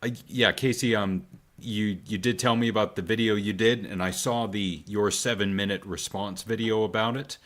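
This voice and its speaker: A man from Canada talks casually as a podcast co-host. His voice sits a little low, and he rambles through his thoughts with many hesitations, often trailing off into quiet asides. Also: steady tone, moderate pace. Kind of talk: casual chat.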